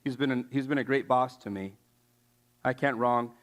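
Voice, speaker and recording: A man's voice: medium pitch, normal speed, voice pushed down, close to an everyday voice. A man voicing an earnest young man who refuses temptation, in a casual, sincere tone within a sermon.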